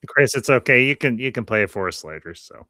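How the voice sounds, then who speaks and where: A man's voice: mid-range voice, lively intonation, quick pace, sharp tone, no room sound, studio quality. A man hosting a casual podcast, rambling a little and repeating phrases as he thanks his viewers. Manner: friendly sign-off, thanking viewers. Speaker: podcast host.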